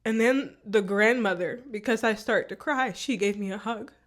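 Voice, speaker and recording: A woman's voice: mid-range voice, moderate pace. Woman telling an emotional personal story. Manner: candid, emotional storytelling with repeated phrases. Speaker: vlogger.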